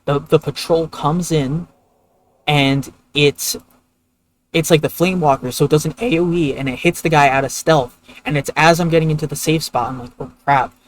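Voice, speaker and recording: A man's voice: a little high, steady tone, normal speed, poor audio. A man streaming a video game, telling a long story in a loose, rambling way with lots of filler words. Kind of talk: casual gameplay commentary.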